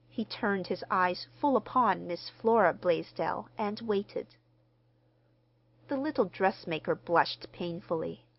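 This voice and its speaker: A woman narrating an audiobook in a measured, expressive reading. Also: fairly low pitch, dry recording, muffled recording. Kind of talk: scripted narration.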